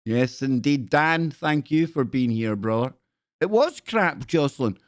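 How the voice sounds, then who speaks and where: A man's voice: medium pitch, animated, unhurried, no room sound, clean studio sound. A man hosting a live stream, chatting casually with viewers in a scornful, rambling way.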